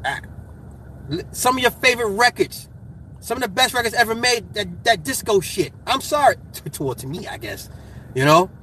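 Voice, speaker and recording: A middle-aged man in casual chat, animated and profane, getting hyped and laughing as he argues his point. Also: high-pitched, normal speed, a little hiss or hum.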